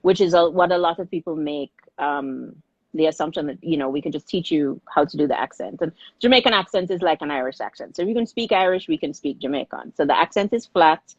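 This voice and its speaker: A middle-aged woman with a low voice talks in a relaxed interview as a filmmaker guest. She tells her story with energy and often restarts mid-sentence. The recording is slightly muffled and dry. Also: no echo. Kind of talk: casual interview conversation.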